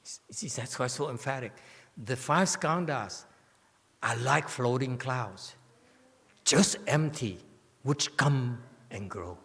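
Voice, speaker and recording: Male Buddhist teacher, slow unhurried lecture, constant "okay?" check-ins, playful asides, long reverb of a temple hall. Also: mid-range voice, creaky, a bit bright. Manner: keeps checking in with "okay?" and "yes?"; playful, teasing asides to listeners. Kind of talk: sutra commentary lecture.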